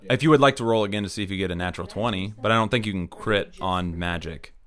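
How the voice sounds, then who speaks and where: A man's voice: low voice, fast, a bit bright. A man narrating as dungeon master in a loose, casual way, full of filler words. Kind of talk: narrating a tabletop game.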